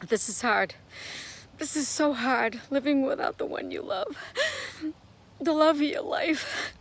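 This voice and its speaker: Holding her phone out in selfie mode, an older woman wanders through her house, yard and garage talking about fixing things. Her voice sits high and she speaks a little slowly, rambling in a frank, casual way.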